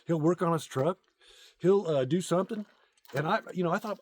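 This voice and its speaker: A man's voice: on the high side, brisk, a little mellow, a little hiss or hum. A middle-aged man telling crude, rambling jokes outdoors in a casual comedic vlog, with many ums and uhs. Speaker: content creator.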